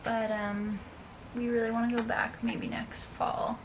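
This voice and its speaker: A woman's voice: on the high side, level tone, measured pace. Young woman chatting on her home vlog, says "like" a lot, camera mic, noticeable background noise. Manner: chatty, lots of "like" fillers. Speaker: vlogger. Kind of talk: casual vlog chat.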